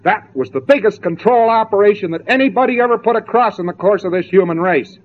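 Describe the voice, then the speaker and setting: A man's voice: high-pitched, animated, quick pace. A man giving a spoken lecture, mocking and sarcastic as he tells stories to make his point. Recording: tinny narrow-band old tape.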